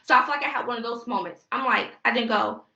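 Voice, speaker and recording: A high, bright-edged woman rants on a live stream, rambling, heated and profane. There is grit in her voice. The echoey, dull audio sounds like a phone livestream. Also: fast talker. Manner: heated, rambling and profane, addressing viewers as y'all. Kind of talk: emotional live-stream venting.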